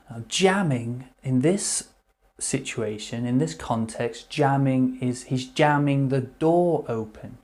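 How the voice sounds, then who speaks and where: A man teaching English vocabulary, repeating each word slowly and clearly before explaining what it means. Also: medium pitch, darkish tone. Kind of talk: slow vocabulary lesson.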